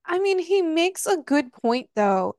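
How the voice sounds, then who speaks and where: A woman's voice: very high voice, big pitch swings, a little slow, a little mellow, no room sound, studio quality. A woman co-hosting a book club podcast, chatting in a casual, amused way and laughing often. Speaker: podcast co-host.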